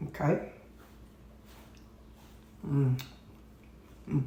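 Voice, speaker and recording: A woman's voice: sits low, steady tone, a little slow, long pauses, darkish tone, husky, no echo. A woman vlogging at home in a rambling, chatty, self-deprecating way, talking casually to her camera. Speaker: weight-loss vlogger.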